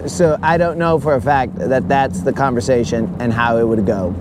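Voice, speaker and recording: A man streams himself fishing from a boat on an outdoor lake, cracking jokes, rambling in a goofy manner, and calling everyone bro. He talks at a measured pace in a mid-range voice, with background noise present.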